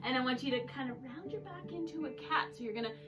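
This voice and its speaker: A playful woman teaching children's yoga, her high voice bouncing up and down as she counts and coaxes. She sounds set back from the mic, with loud music playing underneath. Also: animated, fast, far from the mic. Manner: playful and encouraging, counting and making animal sounds. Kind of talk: guiding a children's yoga class. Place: yoga room.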